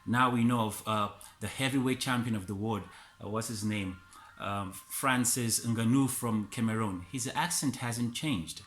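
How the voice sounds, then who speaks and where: An earnest man from West Africa speaks as a Toastmaster in a motivational talk, hammering home his key phrases. His voice is bright and forward, with the roomy echo of a hard-walled room. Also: on the low side, a little slow, slight background noise. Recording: echoey room.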